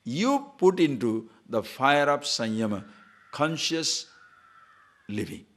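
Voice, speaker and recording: Guy giving a spiritual talk, pitch jumps all over, acts out the bits people say. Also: slow. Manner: animated, acts out quoted speech, chuckles at own stories. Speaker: spiritual teacher. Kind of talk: lecture on scripture.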